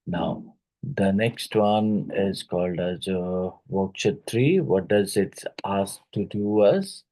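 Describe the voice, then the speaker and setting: An English teacher with an Indian English accent leads an exam-prep phonetics lesson at an unhurried pace, his fairly low voice mellow and dark. Halting and full of fillers, he repeats each word slowly to model pronunciation, and the recording is rough.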